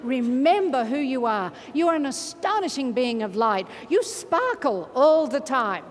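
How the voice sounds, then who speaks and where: A woman motivational speaker, giving an energetic, playful keynote in a large conference hall and leading the crowd in chants. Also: high voice, unhurried. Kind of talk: keynote speech to a large audience. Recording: reverberant hall from a stage mic.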